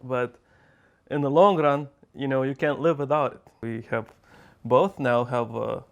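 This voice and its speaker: A man from Lithuania talks about his life in an interview. He speaks haltingly at a medium pitch, with frequent pauses and fillers. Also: fairly even intonation, gravelly, lo-fi sound, slight background noise.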